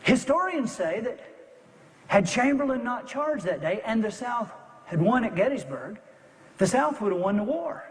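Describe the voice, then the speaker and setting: A man's voice: very high-pitched, very animated, moderate pace, big-room sound. A man giving a dramatic storytelling speech who builds tension and repeats words for emphasis.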